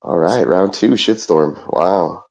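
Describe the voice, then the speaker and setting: A man's voice: low-pitched, takes it slowly, a little mellow, husky. A middle-aged man in casual chat, easygoing and laughing often as he tells anecdotes.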